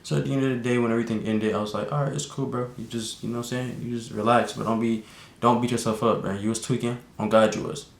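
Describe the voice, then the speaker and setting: A young man telling a casual storytime vlog, slangy and animated, with lots of fillers. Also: quick pace, gravelly. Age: young adult. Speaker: vlogger. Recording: echoey room with faint rumble.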